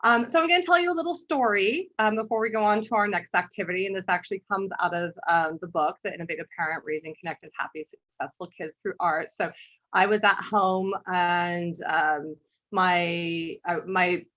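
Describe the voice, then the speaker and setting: A woman art therapist leads a workshop over a video call, moving easily between teaching and a personal story in a conversational webinar style. Her slightly low, fairly bright voice keeps fairly even intonation at normal speed, and she often clears her throat between phrases. The audio is dull and lo-fi, like a live-streamed webinar.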